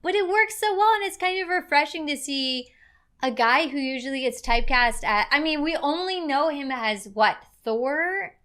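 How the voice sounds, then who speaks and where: A woman's voice: sits high, moderate pace, sharp tone. A woman co-hosting a movie review in a casual, chatty way, often breaking into laughter. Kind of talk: casual chat.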